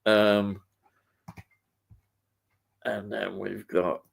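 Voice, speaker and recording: A man's voice: fairly low pitch, level tone, drawn-out words, vocal fry. A man hosting a casual live stream, chatting about films and reading out viewer comments, rambling and hesitant with many ums and restarts. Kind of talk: casual chat.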